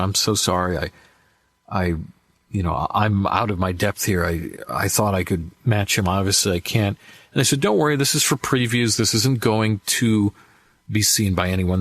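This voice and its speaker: Brief: low-pitched man, voice actor guest, lively storyteller, dry close mic. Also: no echo. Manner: animated anecdotes with acted-out quotes. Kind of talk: casual interview storytelling.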